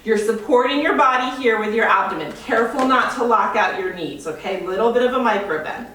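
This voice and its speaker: A woman's voice: fairly high pitch, a little fast, fairly bright tone. A woman teaching a yoga workout, counting reps and cueing moves while exercising and out of breath. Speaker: yoga and fitness instructor. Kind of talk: guided workout instruction. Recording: very echoey room, voice from a distance.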